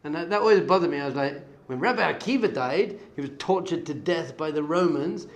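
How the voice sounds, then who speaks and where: A middle-aged man, a rabbi, giving a lively Torah class to yeshiva students, moving between loud emphatic bursts and quiet asides and dropping Hebrew terms into his talk. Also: a little high, fairly quick, hardly any pauses.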